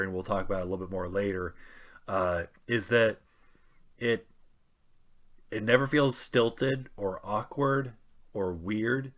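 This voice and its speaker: Low-pitched male voice, gaming podcast co-host, relaxed unscripted chat, lots of ums. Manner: hesitant, many ums and restarts.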